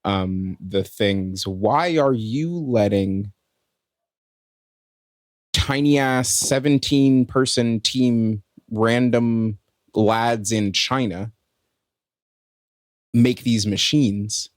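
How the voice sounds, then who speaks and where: Slow-talking male podcast co-host. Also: medium pitch, dry recording, studio quality. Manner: laid-back, drawn-out rants with swearing. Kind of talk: casual chat.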